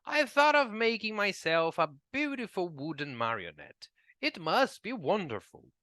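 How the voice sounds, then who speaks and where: A man doing a shrill, hot-tempered old woodcarver. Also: very animated, unhurried, bright, forceful tone, dry recording, clean studio sound, heavily acted. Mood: pleading, eager. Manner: indignant, shrill when angry.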